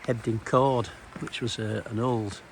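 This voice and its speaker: A middle-aged man narrates a stroll around a small town in a gravelly, mid-pitched voice. He rambles casually from one sight to an anecdote about his old police days, with a dry sense of humour. A faint hum of the street sits under his voice. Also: fairly even intonation, measured pace. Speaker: former police officer giving a walking tour. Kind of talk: casual walking-tour narration.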